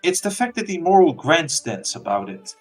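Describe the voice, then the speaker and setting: A man's voice: a little high, sing-song, normal speed, soft background music. A man co-hosting a livestream in casual chat, blunt and swearing casually. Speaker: stream co-host.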